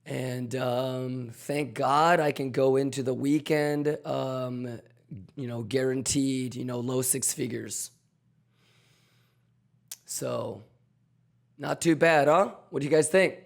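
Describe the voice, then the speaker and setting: A man hosting a trading livestream, loud and swaggering, swearing and chanting, his voice hoarse and almost gone. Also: mid-range voice, fairly even intonation, takes it slowly, pauses often. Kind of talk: hyped livestream chat. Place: home.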